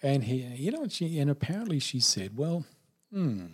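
An older man telling a personal story, lively and acting out the voices of the people in it. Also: mid-range voice, brisk, husky. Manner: animated, acts out quoted voices.

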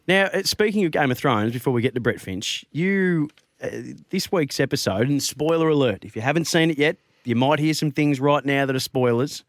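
A man's voice: on the high side, expressive, a little fast, no echo. Male radio host, teasing, casual chat, dry studio sound. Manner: upbeat, teasing.

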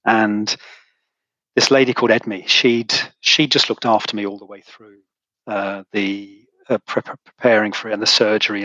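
A middle-aged man, a podcast guest and author, talking in a halting, emotional way with many restarts. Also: fairly low pitch, bright, forceful tone, dry recording, lo-fi sound. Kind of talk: conversational interview.

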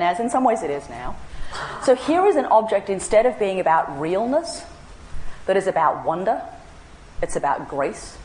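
A woman speaker tells a story with a lively, swooping voice and plays out both sides of a conversation. She is recorded in a roomy, echoey hall. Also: a little hiss or hum. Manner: animated, acts out both sides of a dialogue with big pitch jumps. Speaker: speaker giving a talk. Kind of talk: storytelling lecture.

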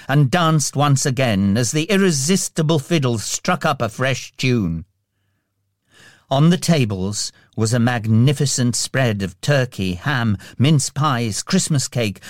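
Male storybook narrator, mid pitch, unhurried expressive read, dry studio. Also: no echo. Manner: slow and expressive.

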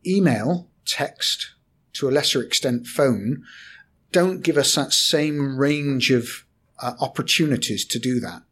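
A corporate trainer, a man, explains communication in a podcast discussion, measured and at times hesitant. His mid-range voice is animated, husky, and fairly bright in tone.

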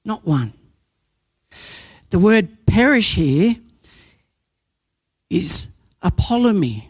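A man's voice: high-pitched, lively intonation, slow pace, no echo. A man preaching a sermon, earnest and emphatic, building points through repetition and sometimes restarting a phrase.

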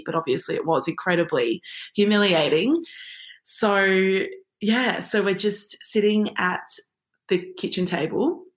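A woman's voice: fairly low pitch, roomy sound. A woman guest on an interview podcast, telling a personal story wryly and often laughing as she goes.

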